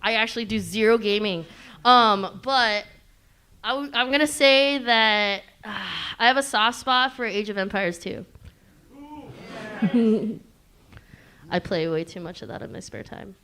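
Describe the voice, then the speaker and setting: A woman's voice: mid-range voice, unhurried, pauses often, sharp tone, smooth. A woman hosting a live convention panel, teasing and playful with the audience, laughing often. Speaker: panel host.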